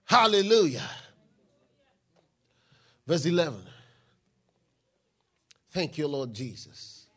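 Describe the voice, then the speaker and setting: A man preaching a sermon, reading scripture aloud and building to shouted declarations. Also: a little high, very animated, slow, long pauses, slightly rough. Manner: Bible reading with call-and-response, rising to shouted declarations.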